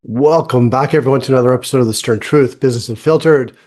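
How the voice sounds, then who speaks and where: A man's voice: mid-range voice, quick pace, darkish tone, soft background music. Enthusiastic middle-aged male podcast host. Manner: enthusiastic, emphatic. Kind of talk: podcast host intro and interview.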